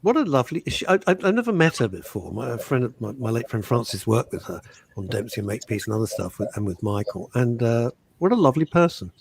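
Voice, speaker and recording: A man co-hosting a radio show, lively and quick to laugh and exclaim. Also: mid-range voice, gravelly, noisy background. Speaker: radio co-host. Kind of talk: casual radio chat.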